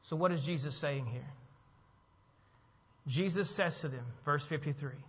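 A man's voice: fairly high pitch, a little slow, husky, long reverb tail, muffled recording. A man preaching a sermon to his congregation, acting out the voices of the people in the story and quizzing the crowd with questions. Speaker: pastor. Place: church sanctuary.

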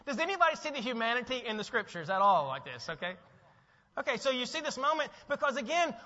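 A man preaching a sermon as pastor, animated and asking his listeners questions. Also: extremely high pitch. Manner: animated, asks the audience questions. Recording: dull, with long hall reverb.

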